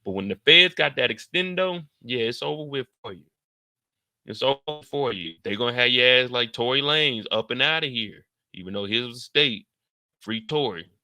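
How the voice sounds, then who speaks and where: Bright-voiced man hosting a live reaction. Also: normal speed, dry recording. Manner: animated slangy storytelling with sudden loud, high outbursts. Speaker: live stream host reacting to a TV episode. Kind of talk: casual live reaction commentary.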